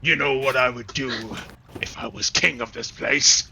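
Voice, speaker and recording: A man voicing a greedy male hobgoblin chieftain in a tabletop game, loud and demanding. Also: medium pitch, moderate pace, gravelly, heavy background noise. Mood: smug. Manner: loud and grabby, barking demands.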